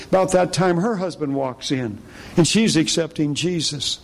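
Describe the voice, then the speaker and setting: A man preacher telling a personal testimony in a sermon, animated storytelling that slips into the voices of the people in his story. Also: moderate pace. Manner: storytelling, acts out quoted voices with pitch jumps.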